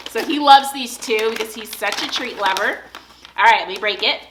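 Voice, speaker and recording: Young female home vlogger, casual upbeat chatter, bright tone. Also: fairly high pitch, moderate pace, slight background noise. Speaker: lifestyle vlogger. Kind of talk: casual voice-over narration. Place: home pantry and kitchen.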